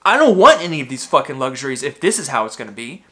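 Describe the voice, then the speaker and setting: A man's voice: mid-range voice, very animated, fast, fairly bright tone. A man in his thirties, ranting in a rambling, agitated monologue full of swearing and fillers. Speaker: vlogger.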